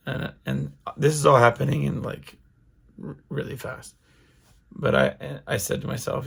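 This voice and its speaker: Gravelly, husky rambling podcast man. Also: medium pitch, moderate pace. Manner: rambling, restarts a lot, many fillers. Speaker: podcast host. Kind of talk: casual solo monologue.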